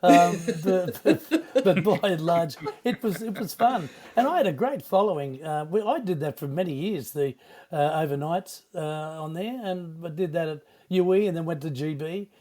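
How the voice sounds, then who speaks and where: An older Australian man, a veteran radio broadcaster, reminiscing in a rambling, halting way with many restarts. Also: high voice, mellow. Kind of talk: casual reminiscing interview.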